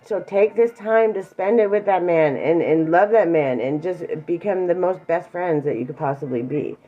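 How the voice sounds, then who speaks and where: A woman's voice: on the low side, normal speed, phone-quality sound, faint music behind. A middle-aged woman teaching emotional awareness in a casual, earnest talk, reassuring a viewer directly and sometimes close to tears. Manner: warm, earnest and reassuring, speaks straight to one viewer; emotional, near tears at times.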